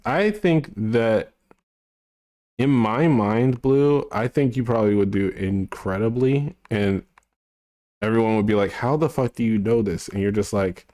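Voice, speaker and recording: A man's voice: on the low side, normal speed, warm tone, no room sound, studio quality. A man streaming, chatting casually with viewers, rambling and sometimes mumbling to himself.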